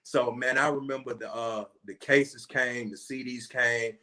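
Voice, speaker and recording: A man's voice: medium pitch, steady tone, a little slow, bright, forceful tone. A man in his forties from Atlanta, a rapper being interviewed, talking earnestly and from the heart, often saying "man" and "you know". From Atlanta, USA. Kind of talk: interview guest telling a story.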